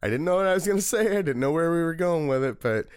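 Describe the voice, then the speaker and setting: A man's voice: a little high, fast talker, smooth, no room sound, clean studio sound. A man telling a long, rambling story in a casual interview, with many fillers. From Missouri, United States. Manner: rambling, relaxed, frequent fillers. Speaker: political party committeeman, guest.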